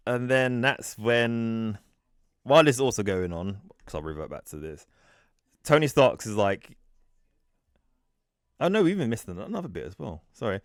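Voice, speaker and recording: A man's voice: medium pitch, sing-song, moderate pace, pauses often, dry recording, clean studio sound. A man co-hosting a podcast, casually recapping a comic storyline in a rambling, self-correcting way and muttering the characters' quotes. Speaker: podcast co-host.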